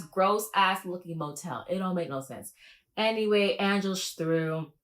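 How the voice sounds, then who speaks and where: Low-voiced woman gossiping in a casual reaction vlog. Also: unhurried. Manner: animated, with big pitch jumps. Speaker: vlogger. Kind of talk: reaction video commentary.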